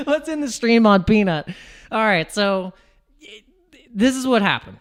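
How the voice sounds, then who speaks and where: An American crypto streamer rambles through casual livestream chat. He keeps restarting his sentences, laughs, and swings his pitch around animatedly.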